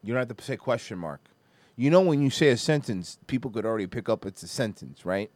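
A man's voice: medium pitch, fast, dry recording. A man hosting a livestream show, mocking and swearing in crude banter. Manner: profane, mocking, loud and animated. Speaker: podcast host.

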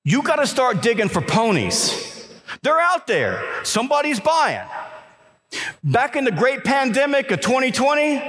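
Man, motivational keynote speaker, high lively voice, animated storytelling, long hall reverb. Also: a little slow. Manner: energetic storytelling with repeated restarts and emphatic exhortations. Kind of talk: motivational speech to a live audience. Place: conference hall before an audience.

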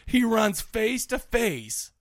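Animated, high-voiced man recapping a movie. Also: slow pace, no echo, clean studio sound. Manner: animated, jokey, acts out characters in quotes. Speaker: podcast co-host. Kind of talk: casual movie recap chat.

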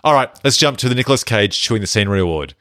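Male podcast co-host, very deep voice, dry studio sound. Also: racing, dry recording. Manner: relaxed, conversational, hands out mock awards. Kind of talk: casual film-review chat.

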